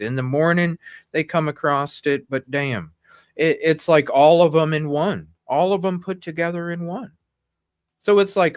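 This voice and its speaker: A man's voice: a little high, fairly even intonation, a little slow, clear, resonant tone, dry recording, studio quality. A man hosting a live news stream, talking in agitated, indignant bursts that ramble with restarts.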